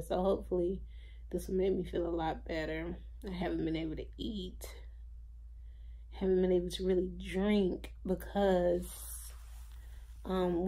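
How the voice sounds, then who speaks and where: In a mid-range, dark-toned voice, a worn-out young woman vlogs from home. Her personal diary entry meanders, stuffed with fillers, and her energy is low.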